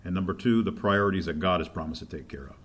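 A man preaching a sermon, reading scripture aloud louder and slower, then dropping to quiet asides. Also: deep voice.

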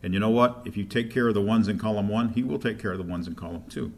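A man preaching a sermon, reading scripture aloud louder and slower, then dropping to quiet asides. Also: fairly low pitch, a little hiss or hum.

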